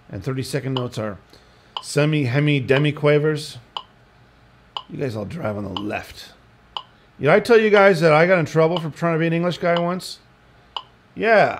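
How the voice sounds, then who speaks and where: A man, teaching guitar in a casual, rambling way, with joking asides and counted beats. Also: mid-range voice. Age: 60s. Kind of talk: casual spoken lesson. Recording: audible background noise.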